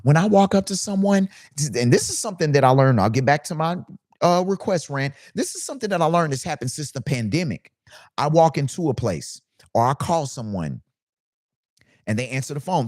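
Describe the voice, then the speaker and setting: A man's voice: mid-range voice, very animated, normal speed, darkish tone, no room sound, clean studio sound. A man who works as a DJ, talking casually to camera in a ranting monologue full of rhetorical questions.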